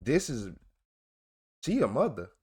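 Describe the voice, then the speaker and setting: Animated man ranting over footage. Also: medium pitch, unhurried, slightly rough. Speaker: channel host reacting to footage. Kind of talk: reaction commentary.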